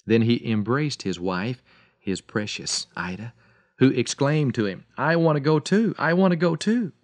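A man giving a radio devotional, telling a story dramatically and slowing and softening his voice for emphasis. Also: lowish voice, no echo. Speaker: radio preacher.

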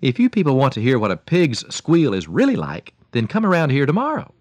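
A man's voice: medium pitch, huge pitch swings, fairly quick, darkish tone, dry recording. A man doing a shrewd scolding farmer. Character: plain-spoken boastful farmer, shrewd and scolding.

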